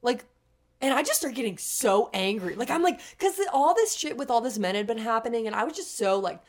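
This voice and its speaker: A young adult woman telling stories on a podcast in casual chat, animated and swearing freely, with constant "like" fillers. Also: on the high side, a little fast. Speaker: podcast co-host.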